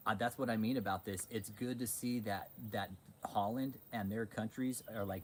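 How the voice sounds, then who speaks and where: Reading chat and talking casually on his livestream, a man gets excitable and profane, often starting his sentences over. He speaks with a fairly low voice at a moderate pace, barely pausing, against slight background noise.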